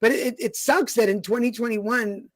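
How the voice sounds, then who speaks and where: A man hosting a casual remote chat, jumping in with quick reactions and jokes. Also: extremely high pitch, fairly bright tone. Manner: chatty, jumps in with reactions and jokes. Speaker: host.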